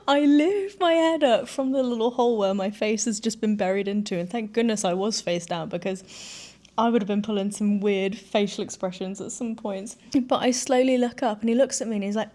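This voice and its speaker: A woman's voice: fairly high pitch, fairly quick, a little mellow. Woman in her 30s, vlogger, chatty, giggly, self-deprecating, casual storytelling.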